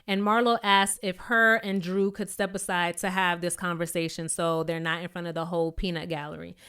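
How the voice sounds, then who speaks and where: A woman giving a sassy, blunt, casual recap of a reality show, with animated asides. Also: lowish voice, moderate pace, clear, resonant tone.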